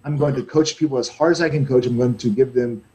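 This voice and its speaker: Man, thirties, gym coach on a podcast; earnest, rambling delivery that slips into quoted back-and-forth, mid-pitched voice. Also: steady tone, quick pace, darkish tone, poor audio. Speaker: jiu-jitsu coach and gym owner. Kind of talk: casual podcast conversation.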